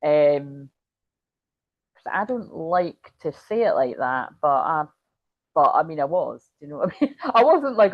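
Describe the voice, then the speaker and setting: A woman's voice: low voice, expressive, unhurried, no echo, dull audio. A middle-aged woman, chatting casually through a tarot reading. She rambles, giggles, swears and goes off on asides, and she sounds tired. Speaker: tarot reader.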